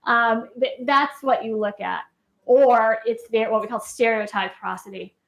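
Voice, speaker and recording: This lecturer, a woman clinician, has a highish voice with vocal fry, fairly even intonation and a slightly slow pace. In a campus lecture room she talks casually, regularly checking in with questions and saying "right?"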